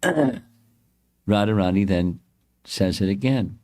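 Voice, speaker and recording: A man giving a devotional storytelling lecture as a spiritual teacher, pausing and correcting himself often. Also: low-pitched, lively intonation, a little mellow. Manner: halting, frequent self-corrections and restarts.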